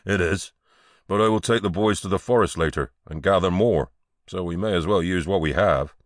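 A man voicing a tired, patient medieval tanner in a plain low voice. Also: moderate pace, no echo, clean studio sound, lightly acted. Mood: weary. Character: weary medieval tanner, husband and father.

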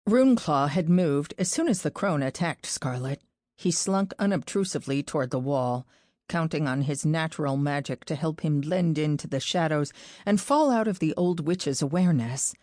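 A woman narrating a fantasy audiobook with a steady, even delivery. Her voice sits low, and the recording is dry and close, with no room sound at all. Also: no echo.

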